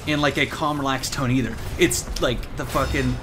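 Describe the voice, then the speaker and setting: A man's voice: medium pitch, steady tone, moderate pace, noisy background. A young man telling a story in casual, rambling gameplay commentary, swearing and laughing a lot. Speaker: gaming commentator. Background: game sounds and music.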